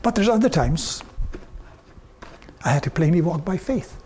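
An older man preaching a sermon, telling personal stories earnestly and quoting others in a softer, lower tone. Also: animated, unhurried, slight background noise. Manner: earnest storytelling, quoting God and people in softer lower tones.

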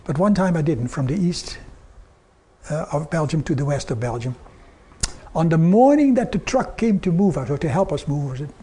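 An older man preaching a sermon, telling personal stories earnestly and quoting others in a softer, lower tone. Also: expressive, normal speed, husky. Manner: earnest storytelling, quoting God and people in softer lower tones.

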